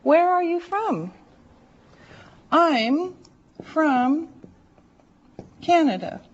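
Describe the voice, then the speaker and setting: A woman teaching an English class, speaking slowly and deliberately and drawing out words for her learners. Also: sits high, very animated. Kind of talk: slow classroom instruction. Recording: dull lo-fi classroom recording.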